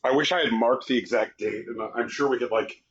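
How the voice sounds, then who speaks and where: A podcast co-host with a mid-range voice chats casually at a brisk pace, joking, swearing, and spinning mock-romantic stories. The recording sounds muffled, with a little hiss or hum.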